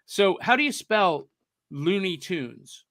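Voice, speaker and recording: Male podcast host, upbeat and playful, brightish tone, casual chat. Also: sits high, animated, slow pace. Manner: playful, breaks into a mock newsreel announcer voice. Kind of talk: casual chat reading viewer comments.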